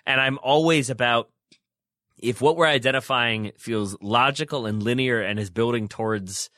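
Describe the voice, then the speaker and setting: A man with a bright, forward voice talks through soccer tactics in long, run-on stretches, stumbling over his own words as he goes. He is co-hosting a podcast, and the sound is dry and close. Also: medium pitch, no echo. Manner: long animated run-on talk with restarts. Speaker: podcast co-host. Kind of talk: casual soccer analysis chat.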